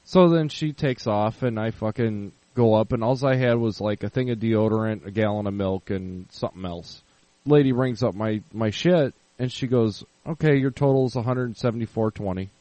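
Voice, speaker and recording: A man's voice: on the low side, moderate pace, warm tone, no echo, low-quality recording. A man co-hosting a casual podcast, telling a long prank story with plenty of swearing. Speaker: podcast co-host.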